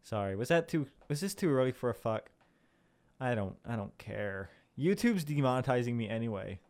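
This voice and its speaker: A man's voice: medium pitch, big pitch swings, moderate pace, darkish tone. A young man from Southern Illinois hosting a podcast in a chatty, self-deprecating monologue, full of fillers and swearing. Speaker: podcast host. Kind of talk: casual rambling monologue.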